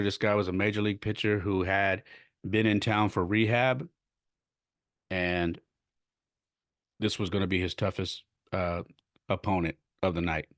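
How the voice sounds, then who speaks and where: Low-voiced man telling a story. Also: dry recording, studio quality. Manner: earnest, animated retelling with frequent restarts. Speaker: podcast host. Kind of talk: casual storytelling monologue.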